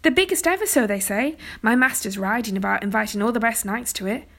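A woman's voice: a little high, fast, creaky, a bit bright. A woman doing a chatty gossiping manservant. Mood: gossipy. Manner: gossipy, eager to share news. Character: chatty gossiping male servant.

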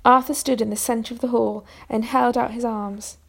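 Gravelly-voiced woman reading a storybook. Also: fairly high pitch, normal speed. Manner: steady reading with small restarts. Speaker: narrator.

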